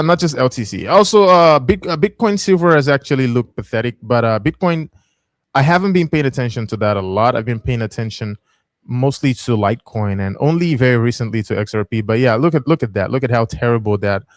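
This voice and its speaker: A man in mid pitch hosts a casual livestream, talking through charts in a loose, chatty way and breaking into easy laughs. His voice is recorded close and dry, with almost no room sound. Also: expressive, a little fast, no echo. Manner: chatty, laughs easily, reads comments aloud. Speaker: livestream host. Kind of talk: casual livestream market commentary.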